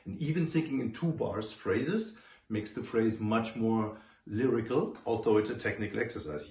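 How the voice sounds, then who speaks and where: A man's voice: fairly low pitch, expressive, measured pace, a little mellow. A man teaching trumpet, explaining an etude and singing its rhythms in syllables. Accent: German. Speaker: trumpet professor. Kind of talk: demonstrating instruction to students. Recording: roomy echoey room.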